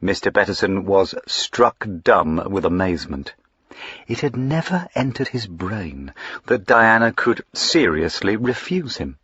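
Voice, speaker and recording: Husky low-voiced male narrator, expressive. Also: measured pace, dry recording, highs cut off. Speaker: audiobook narrator. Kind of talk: audiobook reading.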